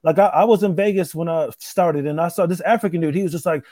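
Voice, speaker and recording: A man's voice: fairly high pitch, fast talker, warm tone, dry recording. Laid-back man, dry close sound. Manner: laid-back, repeats himself, trails off with "man". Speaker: stand-up comic. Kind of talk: casual podcast chat.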